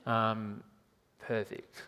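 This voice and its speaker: A man's voice: fairly low pitch, completely flat delivery, pushed and bright, clear, resonant tone. An Australian man doing a live medium show in a theatre, rambling and joking at himself between readings. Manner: rambling, self-mocking, quick asides. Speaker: psychic medium on stage. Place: large theatre hall. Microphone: handheld microphone. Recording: hall reverb.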